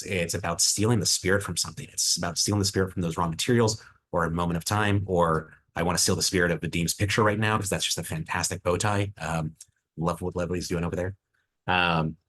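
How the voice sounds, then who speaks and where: Deep-voiced male distiller hosting a tasting. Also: fairly bright tone, breathy edge. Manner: enthusiastic, reflective, with many fillers and restarts. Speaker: head distiller. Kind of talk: presenting a virtual tasting.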